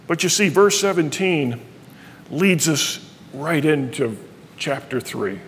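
Middle-aged male pastor, high-pitched, earnest sermon delivery, reverberant church hall. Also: animated, takes it slowly, fairly bright tone, a little hiss or hum. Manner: earnest preaching, reading scripture aloud.

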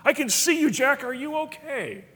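A man voicing a calm, patient God who speaks softly and reassuringly. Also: extremely high pitch, moderate pace, voice pushed up. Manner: soft-spoken, reassuring. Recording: reverberant hall.

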